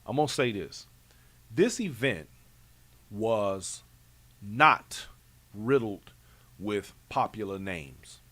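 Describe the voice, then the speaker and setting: A man's voice: fairly low pitch, slow pace, pauses often. Laid-back man hosting. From Chicago. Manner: relaxed, emphatic, slangy Chicago talk. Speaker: show host. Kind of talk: casual recap chat.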